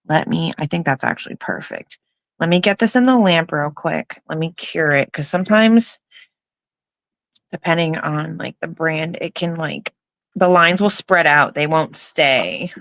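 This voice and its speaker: A woman's voice: low voice, fairly bright tone, no room sound. A tired woman guest on a live nail art stream, chatting in a bubbly, rambling, self-deprecating way. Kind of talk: casual live-stream chat.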